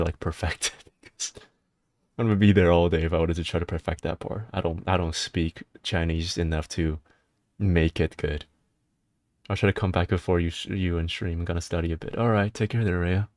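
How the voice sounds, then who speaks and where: Deep-voiced male streamer, casual and rambling. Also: normal speed, no echo, studio quality. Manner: excitable, rambling, breaks into laughter and high-pitched disbelief. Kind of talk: casual live-stream chat.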